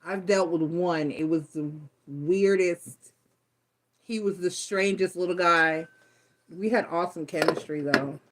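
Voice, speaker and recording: A woman's voice: lowish voice, unhurried. A woman giving a casual live tarot reading, blunt and profane, rambling through stories as she talks. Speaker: tarot reader.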